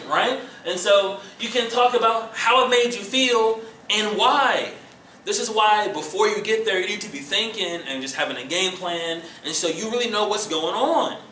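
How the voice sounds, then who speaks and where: A man's voice: high voice, slight background noise. A man teaching a relationship class at church, acting out examples with humor. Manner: animated, acts out examples with jokes and laughter. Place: church room. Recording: echoey room mic from a distance.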